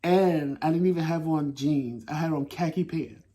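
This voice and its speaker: Man telling a story, animated and blunt. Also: fairly high pitch, moderate pace. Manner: animated, swearing, laughing at himself. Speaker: host. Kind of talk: casual storytelling.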